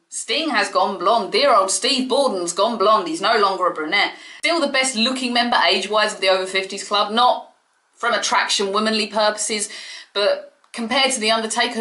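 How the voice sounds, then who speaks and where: A chatty woman reviews a wrestling event on her own, gushing and excitable as she goes. Her voice is bright and forward. The room around her is echoey and bare. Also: mid-range voice. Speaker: wrestling vlogger. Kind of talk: casual solo review. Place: home room.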